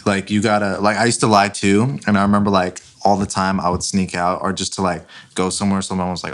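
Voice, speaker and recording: A man's voice: low-pitched, flat delivery, a little fast. A young man hosting a podcast, casually telling stories full of profanity and filler words. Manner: rambling profane storytelling, heavy use of filler "like". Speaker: podcast host. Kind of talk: casual chat.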